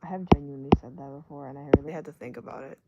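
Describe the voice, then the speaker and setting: A young adult voice chatting while drawing, rambling from one tangent to the next with self-mocking jokes and quick hushed asides. The pitch sits in an ordinary middle range. A loud hiss runs under everything, with clicks now and then. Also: steady tone, dull audio. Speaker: vlogger doodling on stream. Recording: loud background noise with clicks.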